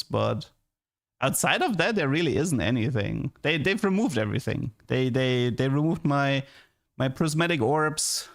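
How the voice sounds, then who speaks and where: A man's voice: a little high, fairly bright tone. A young man streaming and chatting casually, rambling and stammering, often repeating words and laughing.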